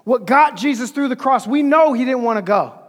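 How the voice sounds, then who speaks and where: A man's voice: very high-pitched, animated, a little fast. A male pastor preaching a sermon with emphasis, repeating key phrases, recorded in an echoey hall.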